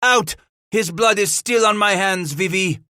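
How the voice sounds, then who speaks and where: A man's voice: high-pitched, measured pace, sharp tone, no room sound, studio quality, pitched above the performer's own voice. A man voicing a cornered, murderous trapper who screams and gloats. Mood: frantic, gloating. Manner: screaming, wild mocking laughter. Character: cowering murderous male trapper, frantic.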